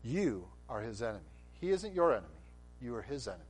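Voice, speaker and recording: A man's voice: mid-range voice, sing-song, fast, breathy edge. A middle-aged man preaching a sermon, with acted quotes and passionate, rising delivery. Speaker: pastor.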